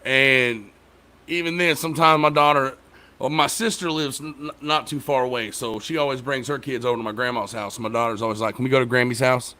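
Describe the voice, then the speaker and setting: A man's voice: mid-range voice, a little fast, pushed and bright. A young adult man, a father, chatting casually as a podcast host and telling loose, profane stories about his kids. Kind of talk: casual chat.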